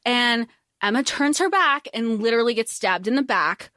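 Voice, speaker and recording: A woman's voice: fairly high pitch, animated, normal speed, sharp tone, no echo, clean studio sound. A woman co-hosting a podcast, animatedly ranting and swearing as she recaps a book. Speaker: podcast co-host. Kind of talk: casual book discussion.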